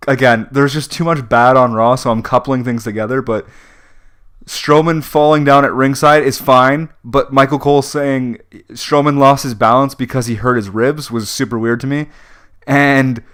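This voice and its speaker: A man's voice: mid-range voice, steady tone, moderate pace, fairly bright tone, clear, resonant tone. A young man co-hosting a podcast, chatting casually and venting his frustrations, full of fillers like "like" and "um". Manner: frustrated ranting with frequent fillers. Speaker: podcast co-host. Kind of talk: casual wrestling chat.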